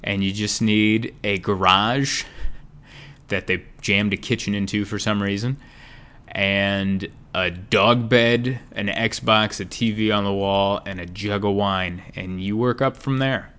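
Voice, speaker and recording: A man's voice: on the low side, steady tone, takes it slowly, bright, forceful tone, clean tone. A man hosting a podcast, talking in a casual, rambling monologue that drifts off topic with wry, self-deprecating humor.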